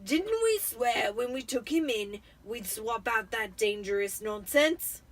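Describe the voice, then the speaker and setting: A woman voicing a blustering, bullying middle-aged man who talks slowly and loudly. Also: a little high, animated, distant mic, low-quality recording. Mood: stubborn. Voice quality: slow, loud, emphatic.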